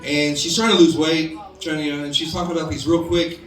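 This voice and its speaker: A man's voice: on the high side, level tone, quick pace, a bit bright. A man doing a stand-up comedy set on a bar stage, rambling loosely with fillers and crude punchlines. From United States. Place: bar stage before a live audience. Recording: roomy bar recording from a distance, crowd heard.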